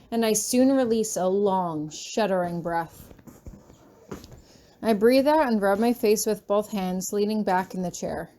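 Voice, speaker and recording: A woman reading her fan fiction aloud in the first person, soft and anxious in tone. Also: medium pitch. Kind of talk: first-person audiobook narration.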